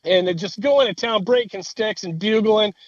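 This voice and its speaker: A man telling a lively story in casual chat, with a fairly high voice that climbs when he laughs. He swears freely. The sound is dry and a little muffled, with no room echo. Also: normal speed.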